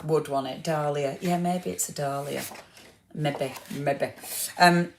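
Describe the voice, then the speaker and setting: A woman's voice: low voice, fairly even intonation, takes it slowly, a little hiss or hum. A woman hosting a live craft product showcase, gushing over papers and chatting to viewers by name. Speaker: craft shop host.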